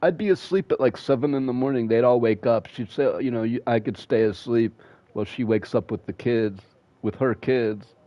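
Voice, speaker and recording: While gaming on stream, this man tells meandering, cursing anecdotes in a casual way and laughs along at them. He speaks at a normal speed in a mid-range voice with fairly even intonation. There's no room sound on his dull, dry home mic.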